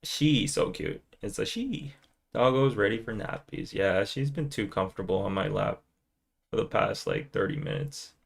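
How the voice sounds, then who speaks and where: A man's voice: fairly low pitch, animated, normal speed, gravelly, husky. A man hosting a casual live stream who talks in a playful, joking way. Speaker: podcast host.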